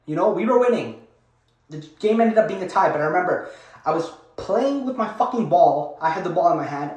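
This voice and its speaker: Young man, high-pitched, rambling storytime, swears a lot, echoey room. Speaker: vlogger. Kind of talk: casual storytime. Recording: roomy echo.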